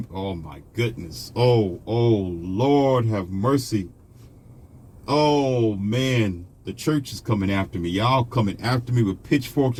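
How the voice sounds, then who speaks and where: An online commentator rants to his viewers in a confrontational, mocking monologue, scolding them and preaching his own predictions. His voice is medium-pitched and a little mellow, with slight background noise.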